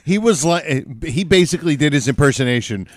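A man co-hosting a podcast in relaxed, laughing casual banter. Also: a little high, fairly quick, dry recording. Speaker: podcast co-host. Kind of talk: casual chat.

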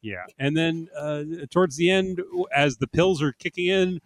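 A man's voice: fairly high pitch, moderate pace, dry recording. A man co-hosting a podcast, chatting casually about comedy sketches and laughing often as he acts out lines. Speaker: podcast co-host.

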